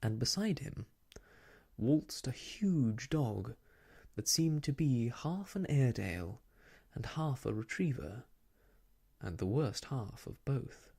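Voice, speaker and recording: Slow, breathy ASMR storyteller. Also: mid-range voice, big pitch swings. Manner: slow, gentle, lilting reading. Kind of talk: soft-spoken ASMR storybook reading.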